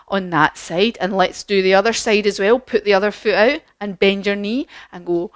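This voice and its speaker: A woman leading a children's yoga class as a story, animated and encouraging, with gasps and questions. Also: medium pitch, moderate pace, hardly any pauses, no room sound. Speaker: kids yoga teacher.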